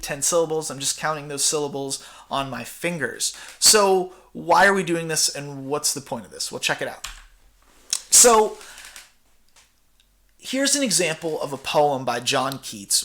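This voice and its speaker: A male theatre teacher talks through a recorded slide lecture. His voice sits slightly on the high side, and his delivery is casual and chatty, full of fillers and asides. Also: expressive, measured pace, sharp tone.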